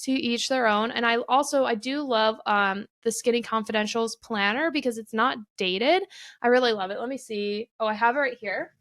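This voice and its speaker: A woman's voice: on the high side, moderate pace, fairly bright tone, no echo, studio quality. A young adult woman hosting her own podcast, talking candidly and casually on her own and swearing freely. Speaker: podcast host. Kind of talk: casual solo podcast monologue.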